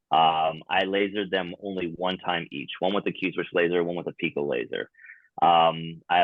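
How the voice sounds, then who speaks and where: A man with a very low voice explains things in a relaxed, casual podcast chat, dropping in plenty of fillers. His voice sounds narrow and thin, like it is coming over a phone line, with a dry, close sound. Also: no echo. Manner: explanatory, laid-back, frequent fillers. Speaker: tattoo removal specialist, podcast guest.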